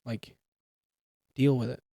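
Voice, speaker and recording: A young man talks casually on a podcast about police work. His voice is mellow and warm, recorded close and dry on a studio mic. He explains through examples, restarting sentences as he goes. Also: takes it slowly, no room sound. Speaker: police trainee or new officer.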